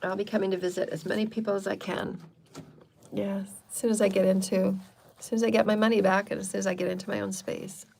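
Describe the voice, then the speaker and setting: A woman's voice: medium pitch, little pitch movement, fast, gravelly, a little mellow, slight background noise. A woman hosting a live channeled spiritual talk, speaking in repetitive, chant-like affirmations and loose, chatty asides. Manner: chatty and loose, with frequent fillers.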